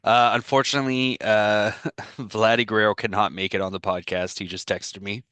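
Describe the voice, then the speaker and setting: Bright-voiced man telling a rambling story. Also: on the low side, level tone, clean tone, no echo. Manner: rambling storytelling, quick to laugh. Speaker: podcast co-host. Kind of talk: casual podcast chat. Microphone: video call.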